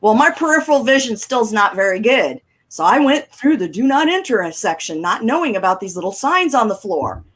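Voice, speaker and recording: A middle-aged woman, telling animated stories on a talk show and acting out the people she quotes. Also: a little high, fairly quick, few pauses, slightly rough. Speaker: guest caller. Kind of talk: casual storytelling on a talk show.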